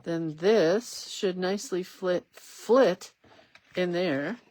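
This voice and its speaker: Slow-talking woman chatting while crafting. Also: fairly low pitch, a little mellow. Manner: chatty, rambling, reads out viewer comments. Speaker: craft livestream host. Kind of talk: casual chat while crafting.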